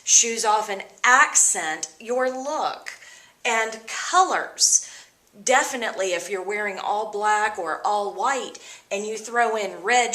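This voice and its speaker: A woman teacher explaining vocabulary words to her students in an upbeat, expressive way. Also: medium pitch, roomy sound. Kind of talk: vocabulary lesson.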